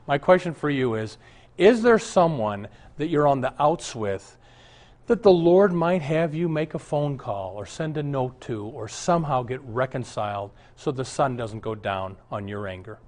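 A man preaching as a pastor, telling stories in an earnest, plain voice that sits at an ordinary middle pitch. He moves from sermon to friendly question-and-answer on Scripture, chuckling often. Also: lively intonation, moderate pace, a little mellow. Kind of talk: sermon and Bible Q&A.

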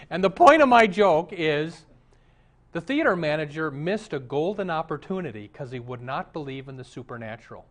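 A man's voice: a little high, animated, normal speed. A man, a pastor, preaching a conversational sermon with jokes and direct questions to the congregation.

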